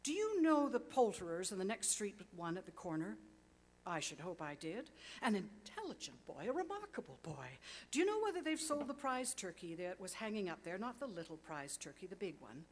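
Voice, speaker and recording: A woman's voice: mid-range voice, sing-song, fairly quick, a little hiss or hum, natural voice. A woman voicing a remorseful old miser in a storybook reading, pleading urgently and then bursting with joy. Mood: elated. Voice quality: urgent, exclamatory delivery.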